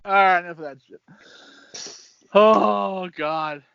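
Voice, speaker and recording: Brief: thirties male co-host, high-pitched, emotional and profane reactions, dull dry recording. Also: takes it slowly, creaky, a bit bright, clear, resonant tone, no room sound. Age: 30s. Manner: emotional, swearing, laughing, exclaiming. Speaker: podcast co-host. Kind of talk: casual chat watching a match.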